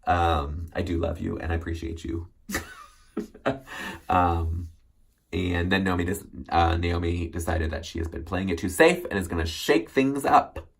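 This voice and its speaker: A man's voice: deep voice, unhurried, slightly rough. A man hosting a solo recap show, chatting casually and rambling with many ums and self-corrections. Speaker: recap host.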